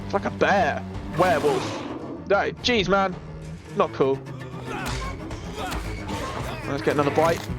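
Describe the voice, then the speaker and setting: A young British man chatting excitedly as he streams a game, laughing often and reacting out loud. His voice sits fairly high. Faint game music plays under his talk. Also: moderate pace. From Britain. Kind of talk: casual gameplay commentary.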